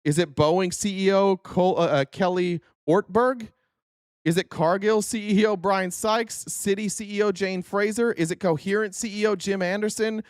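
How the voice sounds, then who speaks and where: A man's voice: high-pitched, steady tone, normal speed, dry recording, studio quality. A man hosting a casual political commentary show, sarcastic and profane, firing off rhetorical questions. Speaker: host.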